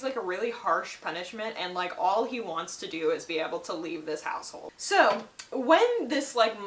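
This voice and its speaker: A woman's voice: medium pitch, a bit bright, a little hiss or hum. A woman giving a casual, chatty book recap and leaning on the filler "like". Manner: chatty, heavy use of "like". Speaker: book reviewer. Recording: roomy echo.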